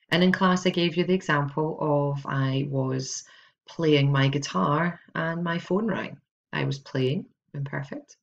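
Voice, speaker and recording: A woman teaching Spanish verb conjugations in an instructional video, drilling each form slowly and carefully. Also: deep voice. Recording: dull, lo-fi sound.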